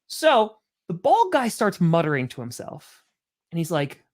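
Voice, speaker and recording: A man's voice: sits high, measured pace. A man hosting a live stream, calling plays and telling a rambling story in a chatty, casual way. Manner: animated, chatty storyteller with many "like"s. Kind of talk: casual live game commentary mixed with storytelling.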